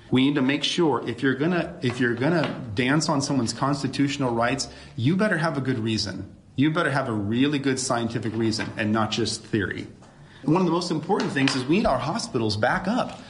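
A man's voice: mid-range voice, echoey room, a little hiss or hum. A middle-aged man, a doctor giving an emphatic press briefing full of rhetorical questions.

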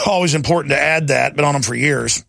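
Middle-aged guy ranting on his radio show, high voice, dead dry studio. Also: moderate pace, gravelly, dry recording. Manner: fervent, ranting, rising to shouts. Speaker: radio talk show host. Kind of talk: impassioned talk radio monologue.

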